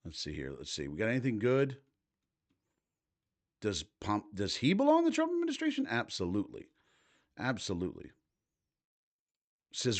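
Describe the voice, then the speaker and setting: A man's voice: lowish voice, wildly swooping pitch, normal speed, long pauses. A man in his thirties hosting a livestream, reading posts aloud and reacting with casual, profane commentary. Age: 30s. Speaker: livestream host.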